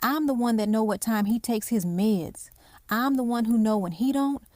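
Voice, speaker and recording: A woman voicing an anxious, heartbroken young man who speaks haltingly and rawly. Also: on the high side, dark tone, no echo, studio quality, close to an everyday voice. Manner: halting, raw, speaks in dialect.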